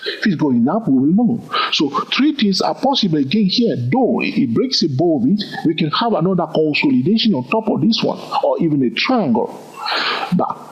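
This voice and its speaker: Teaching a trading lesson on a chart, a man counts moves aloud and regularly checks in with whoever is watching. His slightly rough voice is a little high and very animated at a moderate pace, and the lo-fi recording sounds dull.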